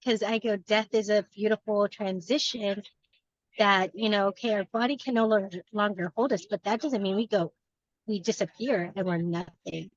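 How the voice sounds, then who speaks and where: A woman's voice: medium pitch, fairly even intonation, moderate pace, lo-fi sound. A woman in a book club earnestly sharing her personal reflections, rambling a little with restarts.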